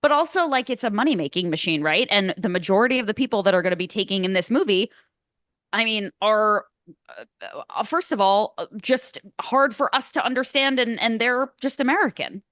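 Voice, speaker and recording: A woman's voice: fairly high pitch, lively intonation, brisk, a bit bright, dry recording, studio quality. A woman co-hosting a casual movie podcast, chatty and rambling, teasing her co-host.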